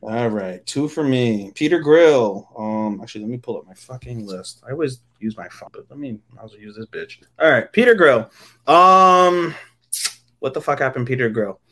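A man's voice: medium pitch, expressive, normal speed, bright, forceful tone. A man co-hosting a podcast, giving crude, rambling episode recaps full of fillers. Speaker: podcast co-host. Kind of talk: casual chat.

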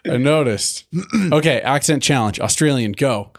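A man's voice: mid-range voice, unhurried, gravelly. A man co-hosting a podcast, chatting casually with a joking, profane manner. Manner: joking, profane, lively banter. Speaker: podcast co-host. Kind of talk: casual chat.

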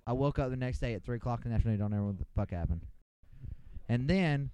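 A man's voice: mid-range voice, lively intonation, fast, dark tone, clean tone, dry recording. A young man on a casual podcast, rambling through a profane, boisterous anecdote. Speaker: podcast co-host. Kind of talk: casual storytelling among friends.

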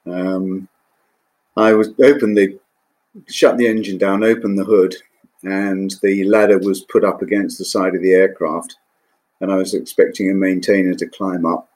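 An older man, a former naval pilot, recalling his flying days in an interview, measured and hesitant with frequent ums. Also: low voice, flat delivery, darkish tone. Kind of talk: interview recollection.

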